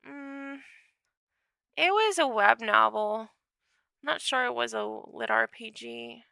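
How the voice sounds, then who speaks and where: A woman's voice: on the high side, slow pace, gravelly, pushed and bright, smooth, dry recording. A woman writer casually chatting during a writing livestream, talking in a chatty way with many fillers. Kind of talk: casual chat while writing.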